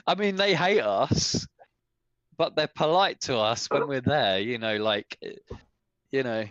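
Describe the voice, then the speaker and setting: A man's voice: medium pitch, expressive, takes it slowly, pauses often, fairly bright tone, no echo. A man on a podcast, ranting in exasperated casual chat with some swearing. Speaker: podcast co-host. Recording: dull lo-fi sound.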